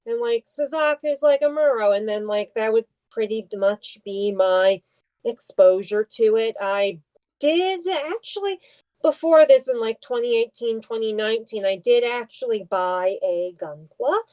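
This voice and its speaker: A young woman co-hosts a casual podcast, speaking slowly in a mellow, warm voice. She hesitates often, pausing and restarting her sentences. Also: fairly high pitch, poor audio. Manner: hesitant, many ums and restarts. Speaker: podcast co-host.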